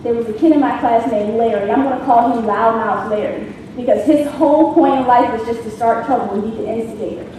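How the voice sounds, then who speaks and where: A young woman from Washington, D.C., a teacher, telling a humorous contest speech with animated storytelling and sound effects. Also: a little high, brisk, hardly any pauses, slight background noise. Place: large conference hall. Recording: echoey hall from a distance.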